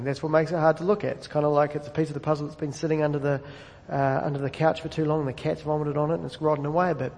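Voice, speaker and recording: A man preaching a sermon in a relaxed, conversational way, often restarting words as he goes. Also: a little high, vocal fry, big-room sound. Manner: conversational, self-correcting preacher. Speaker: pastor.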